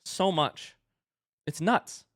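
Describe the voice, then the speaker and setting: A man in his thirties chatting casually with his live-stream audience in an animated way. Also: on the high side, very slow, no room sound, clean studio sound. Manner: chatty and animated, baby-talks his dogs.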